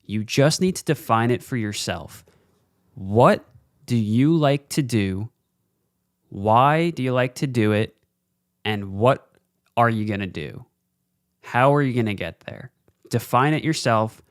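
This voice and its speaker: A man hosting a podcast and giving a casual, blunt motivational talk straight to camera, swearing freely and slowing down to press his points. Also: medium pitch, animated, no echo, studio quality. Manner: slows down for emphasis. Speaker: podcast host. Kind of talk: motivational monologue. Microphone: studio mic, facing camera.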